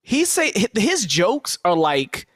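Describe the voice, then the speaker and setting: Man, podcast co-host, lively swooping voice, dry close sound, profane rants. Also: sits high, takes it slowly, no room sound. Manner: animated, profane, acts out quotes in voices. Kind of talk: casual movie review chat.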